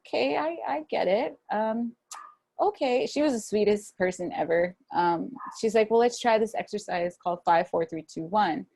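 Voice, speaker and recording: A young woman speaking casually to an online audience over a video call from a room at home, relaxed and chatty, with many fillers and restarts. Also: lowish voice. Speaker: guest speaker at a wellness webinar. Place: home room with a fan running.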